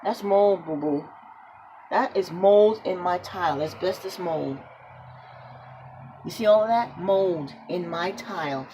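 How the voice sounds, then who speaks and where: A woman's voice: on the low side, slow, long pauses, warm tone, poor audio. Woman, New York accent, angry phone vlog, repeats herself, scornful laughs, faint background noise. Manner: defiant, repetitive, laughs mid-rant. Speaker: public housing tenant vlogger. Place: apartment, indoors.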